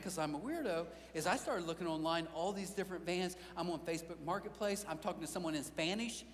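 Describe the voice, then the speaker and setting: A middle-aged man preaches a sermon in a high, bright voice, moving easily between teaching and funny stories about his own life. He acts out the quoted lines and pokes fun at himself. His voice carries a long reverb from a large church hall. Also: a little hiss or hum. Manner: animated storytelling with voiced quotes and self-mocking humor. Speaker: pastor.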